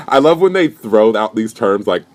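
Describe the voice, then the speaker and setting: A young man recapping a reality show in a casual, profane, animated rant. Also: lowish voice. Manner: profane, animated, indignant storytelling.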